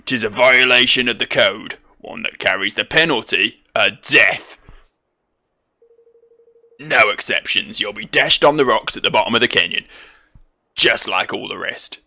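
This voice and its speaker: A man voicing a gruff middle-aged male sky pirate, reading the game's lines aloud in an old-timey pirate growl. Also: fairly low pitch, measured pace, pushed and bright, heavily acted. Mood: threatening. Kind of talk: reading game dialogue aloud in voices.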